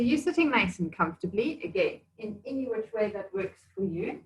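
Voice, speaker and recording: A woman yoga teacher giving slow, soothing breathing instructions during an evening class. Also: fairly high pitch, very animated, recorded from a distance, soft background music. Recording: echoey room.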